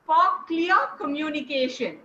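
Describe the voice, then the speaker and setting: In an online teaching session, a female speaking coach quizzes her students in a supportive way over video. Her voice is high-pitched and expressive at a normal speed, heard through echoey, slightly muffled call audio with faint background noise.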